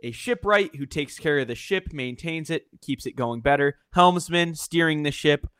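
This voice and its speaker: A man's voice: fairly high pitch, normal speed, fairly bright tone, smooth, no room sound, studio quality. Upbeat young man co-hosting a podcast. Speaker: podcast co-host. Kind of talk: casual chat.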